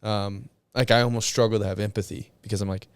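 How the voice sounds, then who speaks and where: A man speaking as a podcast guest, reflective and relaxed, filling his talk with "like". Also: fairly low pitch, fast, smooth, no room sound. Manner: relaxed, reflective, heavy use of "like". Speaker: podcast guest, narcotics detective. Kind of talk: casual conversational interview.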